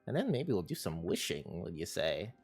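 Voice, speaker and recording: Sarcastic streamer, lively pitch, game music under the talk. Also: normal speed, slightly rough. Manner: dry, sarcastic asides. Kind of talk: casual gameplay commentary.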